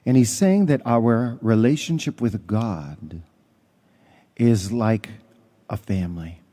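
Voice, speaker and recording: A man's voice: on the low side, expressive, slow, warm tone. A man, a parish priest, giving a conversational homily with stories and some fillers. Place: church.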